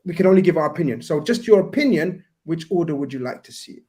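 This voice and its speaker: A man hosting a call-in show, polite and measured, speaking with formal courtesy to a caller. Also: on the high side, animated, mellow. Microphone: video call.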